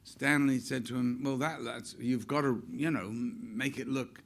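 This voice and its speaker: A man's voice: mid-range voice, fairly even intonation, moderate pace, gravelly. An older man, an actor, telling chatty anecdotes on stage with frequent laughs. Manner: chatty, laughs often, acts out quotes.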